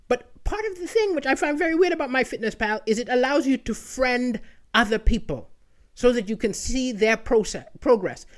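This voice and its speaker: Brief: animated male stand-up comedian from Malawi, very expressive pitch, conversational delivery. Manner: animated and chatty, keeps asking "right?".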